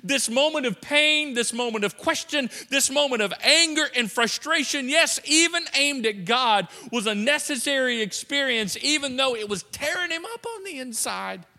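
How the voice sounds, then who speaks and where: Man, pastor preaching, higher voice, very bright tone, playful, acts out quotes, long hall reverb. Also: animated, moderate pace, few pauses. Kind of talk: sermon.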